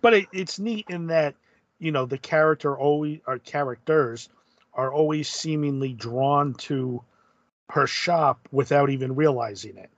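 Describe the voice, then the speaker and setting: A man co-hosting a casual comic book podcast, speaking in a thoughtful, measured way. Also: on the high side, no echo. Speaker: podcast co-host. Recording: dull lo-fi sound.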